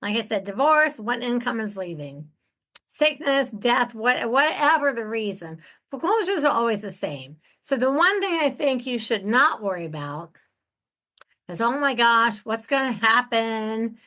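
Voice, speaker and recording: A woman's voice: on the high side, sing-song, moderate pace, a bit bright. A woman hosting her own real estate investing podcast from home, talking in a candid, chatty and enthusiastic way. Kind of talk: casual solo podcast talk.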